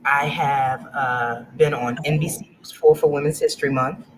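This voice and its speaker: Middle-aged woman from louisiana, interview guest, animated storyteller doing quotes, noisy stream audio. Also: sits low, normal speed. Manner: animated storyteller, acts out quotes, laughs often. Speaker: guest, business owner.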